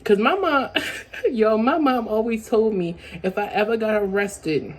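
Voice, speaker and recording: A woman's voice: on the high side, unhurried, slight background noise. A young adult woman telling a story-time vlog in a rambling way, repeating herself with many fillers. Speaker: vlogger.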